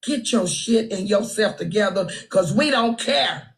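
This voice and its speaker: A woman with a Texan accent hosts a casual phone livestream, serving up sassy, brash gossip and trash-talking people by calling them out. She speaks in a mid-range voice with lively intonation, taking her time, on a low-quality recording.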